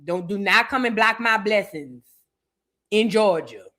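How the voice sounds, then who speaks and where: A woman's voice: mid-range voice, lively intonation, measured pace, pushed and bright. A woman hosting a reaction show, chatting casually with playful, dramatic asides and bits of singing. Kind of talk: casual commentary.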